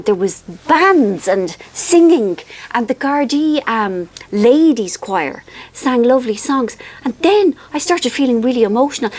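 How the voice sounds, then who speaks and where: An Irish woman vlogging in a casual, rambling and self-mocking way, worn out by the heat. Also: high voice. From Ireland. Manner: chatty, rambling, self-mocking, with frequent ums. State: wilting from the heat. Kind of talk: casual chat to camera.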